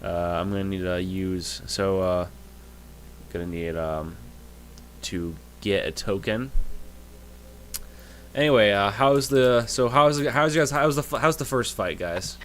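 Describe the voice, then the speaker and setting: A man narrating as game master in a casual, halting way, full of fillers. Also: fairly low pitch, fairly bright tone, a little hiss or hum.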